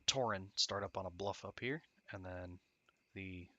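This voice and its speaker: In unhurried live-stream game commentary, a sleepy man rambles, swears freely and laughs at his own jokes. His low voice is bright and forceful, the recording muffled with no room sound, and game music plays in the background.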